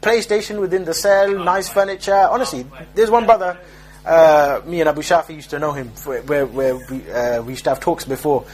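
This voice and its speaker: Here a young man preaches informally, spinning humorous street tales and doing impressions of their characters. His tone is darkish, his pitch leans high and his pace is fairly quick.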